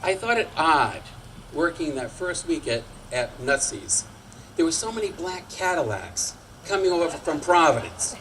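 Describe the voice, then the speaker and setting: A man in his sixties from Massachusetts, telling a personal story on stage at a community storytelling night in a lively, wry manner. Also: a little high, measured pace, a little hiss or hum, poor audio. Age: 60s.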